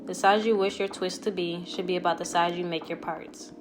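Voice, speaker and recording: A woman's voice: on the low side, steady tone, fairly quick. A young woman hosting a hair tutorial vlog, chatty and teasing, walking viewers through each step. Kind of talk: casual tutorial vlog with voice-over. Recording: music playing underneath.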